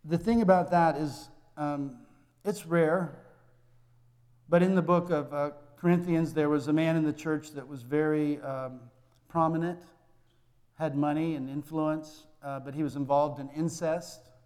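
Male pastor, fairly high voice, conversational sermon with acted dialogue, long church reverb. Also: fairly even intonation, unhurried, darkish tone.

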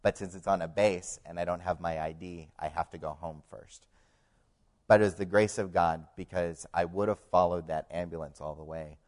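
A man with a low, steady voice shares his family's story as a personal testimony of faith. He speaks haltingly with plenty of fillers, and his voice drops much quieter during the tense moments.

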